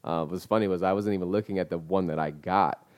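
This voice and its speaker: A man's voice: sits low, steady tone, fast talker, a little mellow, smooth. A young man telling a long story in a casual chat, full of slang and fillers. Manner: laid-back slang-heavy storytelling with many fillers. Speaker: guest business owner.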